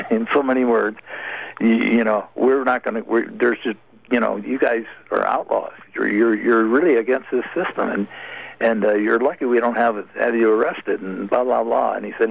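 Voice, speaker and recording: An older man telling a long story as a guest on a radio interview, halting and rambling with many fillers. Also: mid-range voice, gravelly, muffled recording.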